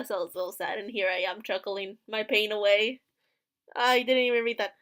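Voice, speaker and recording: A woman's voice: medium pitch, fairly even intonation, normal speed, a bit bright. A woman playing through a visual novel, reading its first-person narration aloud with joking asides. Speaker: let's play host.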